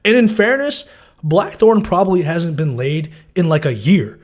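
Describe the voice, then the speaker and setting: A man's voice: a little high, big pitch swings, normal speed. A man giving a loose, casual breakdown of TV episodes, full of fillers and swearing. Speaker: TV show recapper.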